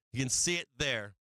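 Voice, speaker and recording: A man's voice: mid-range voice, bright, forceful tone, no room sound, low-quality recording. A man hosting a live market stream, swearing freely, laughing often and repeating himself as he walks through charts. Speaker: market livestream host.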